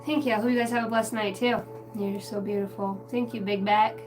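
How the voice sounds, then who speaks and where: A woman reading tarot cards on a live stream in a chatty, casual way, greeting viewers by name and clearing her throat now and then. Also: medium pitch, steady tone, fairly quick. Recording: distant mic with music playing behind.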